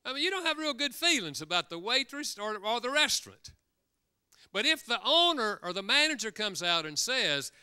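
Lively, bright-voiced male preacher. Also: extremely high pitch, moderate pace, clean tone. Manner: storytelling with acted quotes. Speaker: guest speaker. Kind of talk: sermon. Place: church.

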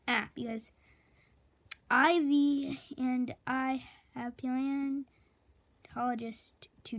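Slow, careful woman reading a storybook. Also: on the high side, muffled recording. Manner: slow, careful read-aloud with self-corrections; chatty asides about the pictures. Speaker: reader. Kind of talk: reading a chapter book aloud.

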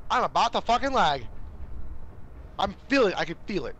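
A man chatting with friends over a headset while gaming, excitable and swearing, laughing often. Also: high-pitched, moderate pace, highs cut off, a loud crowd. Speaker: gamer.

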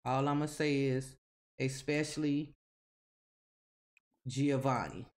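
A woman commentates her gameplay in a relaxed, conversational way. She talks straight at the characters, nagging and teasing them as she goes. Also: very deep voice, takes it slowly. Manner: chatty, scolding the game characters. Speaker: gaming video host. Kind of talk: casual game commentary.

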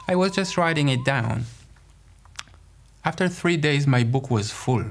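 A man's voice: medium pitch, animated, normal speed, a little hiss or hum. A man who works as a mediator, explaining communication in a conversational tone with many rhetorical questions. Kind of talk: explanatory talk.

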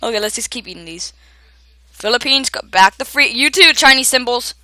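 A young woman giving excited gameplay commentary, often shouting at other players and laughing. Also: fairly high pitch, normal speed, no room sound. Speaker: gamer.

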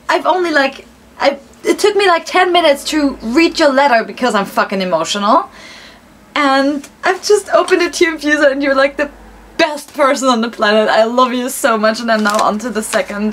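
A young woman with a high voice chats through a casual unboxing vlog, unhurried in her delivery. She gushes freely and swears often. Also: slight background noise. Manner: gushing, excitable, swears often. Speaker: vlogger.

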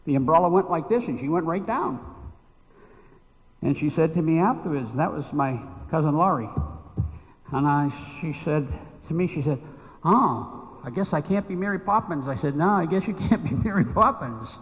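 Pastor preaching in an echoey church. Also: male voice, fairly high pitch, expressive, normal speed. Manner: storytelling, acting out dialogue with a child. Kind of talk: sermon. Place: church sanctuary. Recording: echoey church hall, phone-like thin sound.

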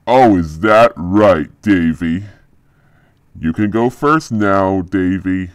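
A man voicing a helpful young male cartoon friend in a flat, stiff voice. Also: low-pitched, takes it slowly, smooth, no room sound, studio quality.

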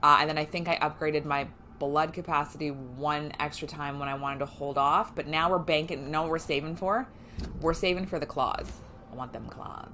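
A woman's voice: low-pitched, normal speed, bright, forceful tone, a little hiss or hum. A woman chatting casually and swearing freely while streaming a game, often poking fun at herself. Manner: chatty, profane and self-mocking. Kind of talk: casual live gameplay chat.

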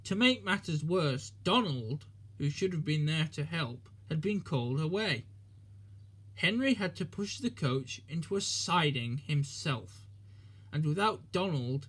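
A man narrating a children's storybook in a gentle, measured reading manner. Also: a little high, lively intonation, breathy edge.

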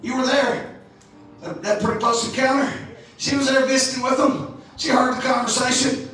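A Texan man preaching a fiery sermon, swinging between shouts and low asides and stumbling over restarts. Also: normal speed, faint music behind. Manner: shouting, rising and falling, stammered restarts. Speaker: pastor. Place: large church sanctuary. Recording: echoey, distant hall mic.

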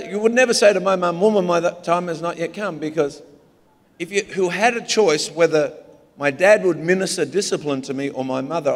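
A man's voice: on the high side, creaky. A man with an Australian accent, a pastor preaching a humorous, story-filled sermon in a large church. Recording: long hall reverb.

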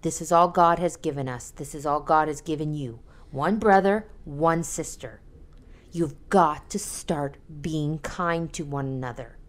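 A woman's voice: deep voice, unhurried. A middle-aged woman co-hosting a family podcast, telling stories in casual chat and laughing often. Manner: animated storytelling, laughs often. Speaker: podcast co-host.

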